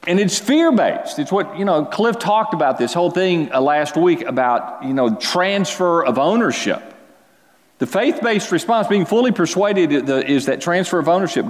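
A man preaching a sermon as pastor, speaking earnestly and conversationally, restarting phrases and pausing for emphasis. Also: a little high, lively intonation. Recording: long reverb of a large hall.

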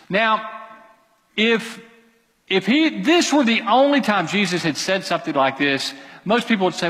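Animated preacher in an echoey hall. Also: male voice, high-pitched. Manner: animated, emphatic preaching with quick asides. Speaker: pastor. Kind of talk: sermon.

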